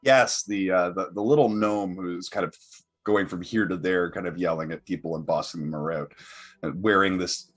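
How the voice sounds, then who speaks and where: A man with a very low, husky voice runs a tabletop game as its game master. He talks hesitantly, with many fillers and restarts, and soft music plays behind him. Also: moderate pace.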